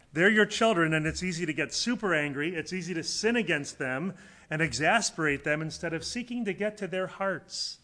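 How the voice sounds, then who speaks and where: Preaching earnestly but conversationally, this man shifts from loud, emphatic statements to hushed, low asides. He is a pastor giving a sermon.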